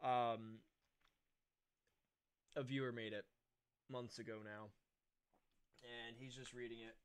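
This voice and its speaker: A man's voice: mid-range voice, little pitch movement, takes it slowly, clean tone. A young man streaming, talking in a chatty, laid-back way. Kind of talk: casual stream chat.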